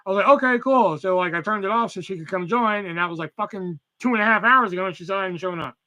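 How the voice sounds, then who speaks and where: Young man, casual live stream host, swears a lot, high voice, bright tone. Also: quick pace. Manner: profane, rambling, reads chat aloud. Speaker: livestream host.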